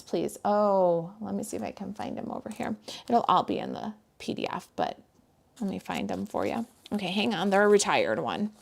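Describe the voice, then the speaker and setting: Live from her home craft desk, an American woman with a mid-range voice and vocal fry demonstrates card stamping. She chats casually with viewers while working and speaks to her dog in a friendly, talkative way.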